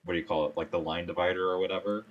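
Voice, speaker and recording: A young man with a very low voice taking part in a tabletop game. He talks in an easygoing way, thinking his detective's moves through aloud. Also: steady tone, rapid-fire, lo-fi sound. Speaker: player. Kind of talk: casual tabletop play.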